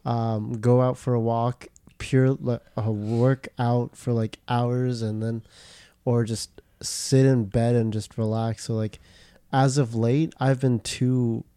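A young man rambles through casual podcast chat at a middle pitch, circling back with fillers and false starts. His voice is recorded close and dry, with no room around it. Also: little pitch movement, slow, dark tone, clear, resonant tone, no room sound. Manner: rambling, filler-heavy, many restarts. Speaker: podcast co-host.

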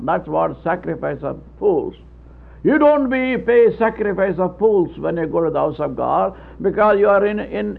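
A high-pitched, gravelly male voice delivers an earnest, folksy sermon, stumbling over words and chuckling along the way. The sound comes from a tinny old radio broadcast.

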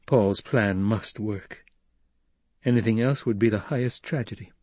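A man voicing a composed noblewoman's worried thoughts in a quiet, inward tone. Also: on the low side, unhurried, no echo.

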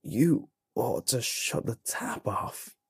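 A man voicing a weak, half-formed flesh creature in a horror story, with a harsh, creaking, barking grind in a quiet whisper. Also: on the low side, wildly swooping pitch, slow, dry recording, studio quality, heavily acted. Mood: whispering weakly.

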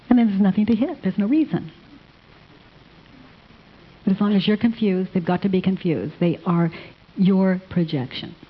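A woman teaching a live audience, answering questions in a gentle, affectionate manner and calling people honey. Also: fairly low pitch, husky. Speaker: self-inquiry teacher. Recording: dull lo-fi sound.

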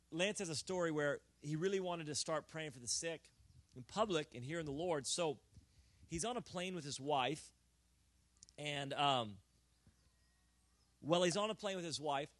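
A middle-aged male pastor preaching a sermon, telling a story with acted-out dialogue and building to loud, emphatic exhortation. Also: a little high, moderate pace, long pauses, dry recording.

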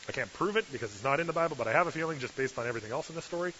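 Animated pastor telling a story. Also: male voice, mid-range voice, rapid-fire. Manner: lively, acts out voices, shifts from hushed to loud. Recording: dull lo-fi recording with faint hiss.

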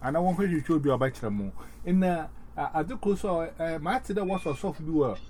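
Man talking casually with lots of fillers and restarts, warm voice, light noise behind. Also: fairly high pitch, animated. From Ghana. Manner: rambling, halting, many fillers and restarts. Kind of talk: casual chat.

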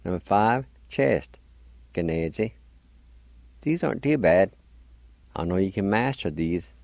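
A man's voice: low-pitched, animated, takes it slowly, vocal fry, a little mellow, no room sound. A man teaching a language lesson on the radio, patiently spelling words letter by letter and sounding them out.

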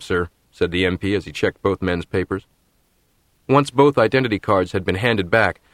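A man narrating an audiobook in a measured, steady storytelling manner. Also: fairly low pitch, no room sound, clean studio sound. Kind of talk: scripted narration.

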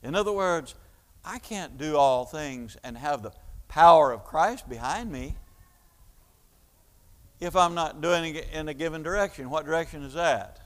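A man's voice: fairly high pitch, long reverb tail. A man preaching a sermon, explaining an idea step by step like a teacher, with frequent fillers and restarts. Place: church hall.

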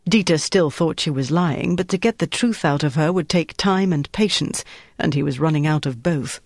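A man reading a thriller novel aloud in measured, even scripted narration, close to the mic. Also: fairly high pitch, no room sound. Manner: measured, even storytelling delivery. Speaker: audiobook narrator.

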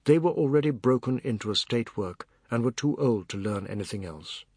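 A man reading a novel aloud in measured, even storytelling narration. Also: mid-range voice, slightly rough, no echo, studio quality. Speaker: audiobook narrator. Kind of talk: scripted literary narration.

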